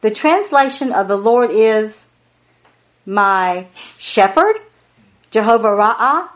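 A woman's voice: medium pitch, slow, pauses often, lo-fi sound. A woman leading a Bible study, reading scripture aloud, explaining it and repeating key phrases for emphasis.

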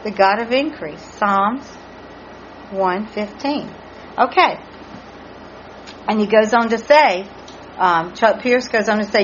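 A woman's voice: medium pitch, slow, pauses often, slight background noise. A woman teaching a Bible study, earnestly spelling out Hebrew words letter by letter. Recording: muffled lo-fi recording with faint background ambience.

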